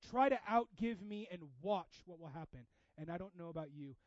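A man preaching a sermon in a casual, animated way, with sudden loud bursts. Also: high-pitched, a little fast, no echo, highs cut off. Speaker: pastor.

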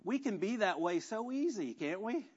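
A man's voice: high-pitched, big pitch swings, moderate pace, darkish tone, breathy edge, highs cut off. A man preaching a conversational, self-deprecating sermon full of rhetorical questions. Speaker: pastor.

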